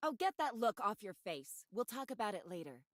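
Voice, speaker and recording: A woman voicing a calm, composed female park spirit who speaks in a measured, cool way. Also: mid-range voice, dry recording, clean studio sound, natural voice.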